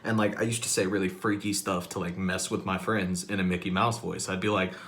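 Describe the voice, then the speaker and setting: A man's voice: low voice, fairly even intonation, a little fast, a bit bright. A man vlogging casually, rambling with lots of fillers and amused at himself. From Southern US. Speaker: comedic vlogger. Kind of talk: casual talk to camera.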